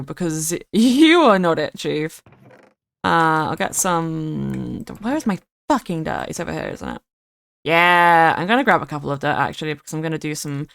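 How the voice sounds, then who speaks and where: A woman's voice: mid-range voice, clear, resonant tone, dry recording. A young woman streaming a game, chatting casually and playfully, often repeating words for emphasis. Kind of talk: casual live-stream chat while gaming.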